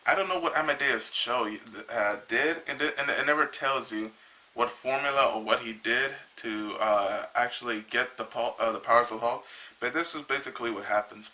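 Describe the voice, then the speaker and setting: A man with a very bright, sharp-edged voice retells a comic book's plot in a loose, casual way. He rambles and halts, restarting his sentences often, and sounds a little tired. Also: medium pitch, poor audio. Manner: rambling, halting, with many restarts. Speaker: comic book reviewer.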